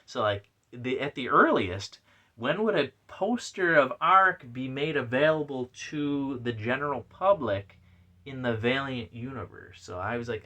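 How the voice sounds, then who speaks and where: A man hosts a casual solo podcast reviewing comics, rambling and chatty, full of fillers and restarts. His mid-range voice is animated, bright and forceful at a moderate pace, and he reads out messages in playful put-on voices.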